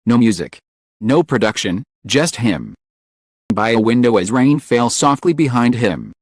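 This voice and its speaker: A man's voice: mid-range voice, sing-song, unhurried, dry recording, studio quality. A man giving a scripted, dramatic narration with solemn, lingering emotional phrasing. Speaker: channel narrator.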